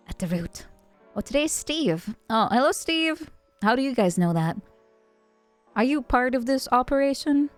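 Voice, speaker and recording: A young woman from the Netherlands, chatting playfully with her stream chat and often jumping into high squeals. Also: dry recording. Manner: playful, animated, jumps to squeals. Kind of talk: casual chat with chat.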